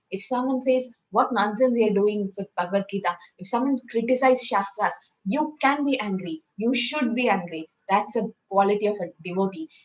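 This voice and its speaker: A woman leads a scripture class. She explains in a chatty, conversational way and keeps checking in with her listeners. Her voice sits at an ordinary middle pitch. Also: poor audio. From India. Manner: conversational, often asking "right?". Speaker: spiritual class teacher.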